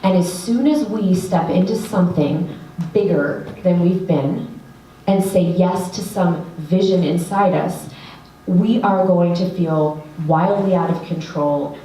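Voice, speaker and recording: A woman writing coach telling an earnest, animated story to an audience, with lots of fillers. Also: lowish voice, takes it slowly, slight background noise. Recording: echoey room, voice from a distance.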